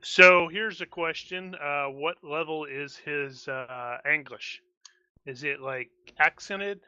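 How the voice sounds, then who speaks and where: A male tabletop player with a higher, very bright and sharp voice, joking and questioning with a sense of disbelief. His voice comes through a dull, dry lo-fi mic. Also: slow, clear, resonant tone. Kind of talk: casual tabletop play.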